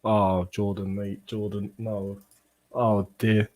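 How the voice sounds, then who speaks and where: A young man hosting a football watchalong livestream, bantering and swearing as he reads out chat comments, with bursts of excited play-by-play. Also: lowish voice, takes it slowly. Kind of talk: casual livestream chat and match reaction.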